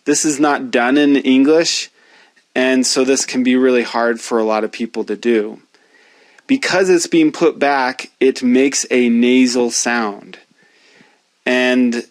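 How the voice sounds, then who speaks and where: A man teaching a pronunciation lesson, speaking slowly and deliberately as he demonstrates each sound. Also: mid-range voice, no room sound. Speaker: language teacher.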